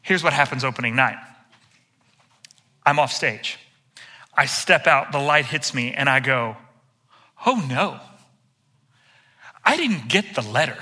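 A middle-aged male pastor telling a self-deprecating personal story in an animated sermon. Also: medium pitch, a little slow, pauses often.

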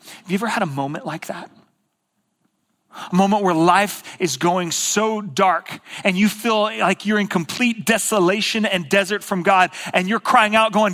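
A man's voice: high-pitched, normal speed, pushed and bright. A man preaching a sermon as a pastor, telling a story with repeated, emphatic phrases and casual asides.

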